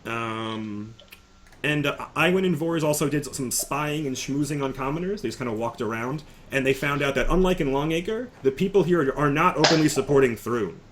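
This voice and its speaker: A man's voice: mid-range voice, normal speed, a bit bright, a little hiss or hum. A man recapping the last session of a tabletop game as game master, rambling with fillers.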